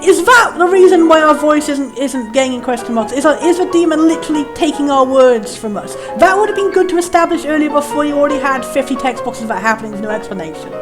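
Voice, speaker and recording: A woman's voice: high-pitched, animated, fast, few pauses. A woman casually commenting on a video game, reading its text aloud and rambling through puzzled questions. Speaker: let's play host. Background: faint game music.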